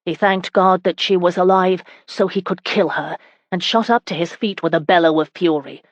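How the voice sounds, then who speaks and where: A woman narrating a historical romance audiobook in a steady, even reading. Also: fairly low pitch, moderate pace, no room sound, muffled recording. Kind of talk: scripted narration.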